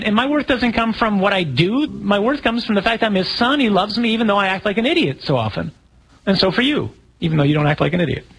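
A priest giving a conversational sermon in a somewhat high-pitched male voice. He asks the congregation questions and jokes about himself, with faint ambient noise behind him. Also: poor audio. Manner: conversational, asks the audience questions, self-deprecating humor.

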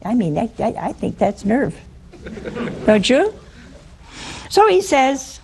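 A woman's voice: on the high side, very animated, takes it slowly, pauses often, a little mellow, a little hiss or hum. A woman preaching a conversational sermon, teasing and humorous, often asking listeners questions.

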